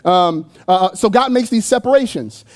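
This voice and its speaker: A man's voice: high-pitched, expressive, normal speed, darkish tone. A man preaching a sermon in a church, talking in a loose, playful, conversational way with jokes and asides to the congregation. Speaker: pastor. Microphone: handheld microphone.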